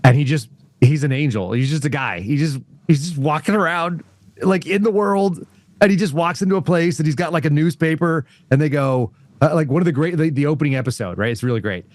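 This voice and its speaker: A man talking as a guest on a casual political talk show, rambling through anecdotes in an animated way. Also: fairly high pitch, brisk, no room sound. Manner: rambling, animated storyteller with frequent laughs.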